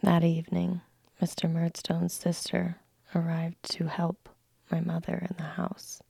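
A woman narrating a classic story in a soft, slow unvoiced whisper, a whispered role-play read close to the mic. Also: on the low side, completely flat delivery, vocal fry, breathy edge, dry recording.

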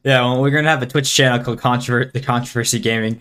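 A man's voice: mid-range voice, steady tone, racing, fairly bright tone, clean tone. A teenage boy hosting a school podcast in casual chat, easygoing and laughing often. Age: teens. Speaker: podcast host.

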